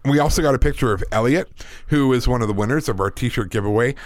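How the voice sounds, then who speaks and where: A man co-hosting a podcast, chatting in a relaxed, wry way and laughing easily. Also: mid-range voice, fast, no echo. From Canada. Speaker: podcast co-host. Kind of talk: casual chat.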